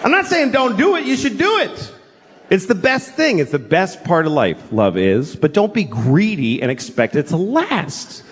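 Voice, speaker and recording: A middle-aged man from New York performs a live stand-up set with a fairly high voice that rises and falls widely. He tells stories and breaks into sudden squeaky acted outbursts. The recording carries clear club ambience under his voice. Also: big pitch swings, moderate pace, a little hiss or hum. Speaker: stand-up comedian. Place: comedy stage before a laughing audience.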